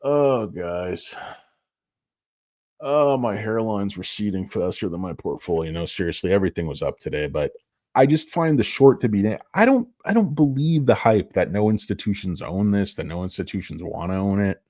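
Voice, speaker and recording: A man with a low voice riffs on stocks in a casual, crude, deadpan way, now and then jumping up into excited squeals. The sound is dry and close, with no room around it. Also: brisk, no echo. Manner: deadpan crude humor, bursts of high laughing excitement. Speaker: stock market streamer. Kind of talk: casual joking commentary.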